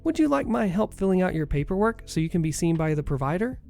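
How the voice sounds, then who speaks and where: A man voicing a polite, patient female clinic receptionist who stays apologetic and calm. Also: sits high, fast, creaky, faint music behind, voice pushed up, full character voice.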